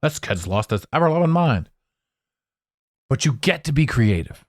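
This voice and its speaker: A man hosting a solo podcast, rambling in a jokey, animated way into a close microphone. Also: mid-range voice, normal speed, no echo. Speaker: podcast host. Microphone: close studio mic.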